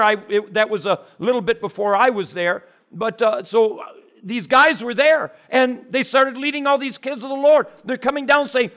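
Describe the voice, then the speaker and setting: A man delivers a passionate sermon, his voice rising loud and high as he tells stories, then sinking low and quiet when he turns to prayer.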